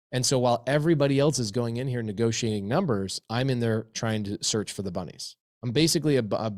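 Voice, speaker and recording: In a clean, echo-free studio recording, a real estate investor sits as an interview guest and tells business stories with lots of energy. His voice is mid-range, and he drives his points home by repeating phrases for emphasis.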